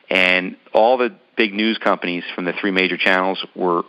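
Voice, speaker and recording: A man's voice: deep voice, fairly even intonation, moderate pace, clean tone, muffled recording. A man casually telling a long personal story in an interview, rambling with many ums and restarts. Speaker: business owner telling his story.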